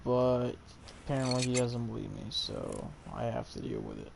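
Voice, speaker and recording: Male vlogger, hoarse, gravelly, offhand; noisy garage recording. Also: mid-range voice, huge pitch swings, normal speed. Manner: blunt, offhand, mildly swearing. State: hoarse from a sore throat. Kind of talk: casual running commentary. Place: car repair shop.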